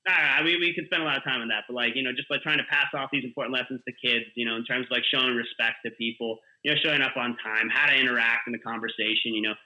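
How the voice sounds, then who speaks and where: A man, a guest coach, telling animated stories with lots of fillers in a casual podcast chat. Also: mid-range voice, rapid-fire, hardly any pauses, low-quality recording. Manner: animated storyteller, filler-heavy. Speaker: guest, kids jiu-jitsu coach.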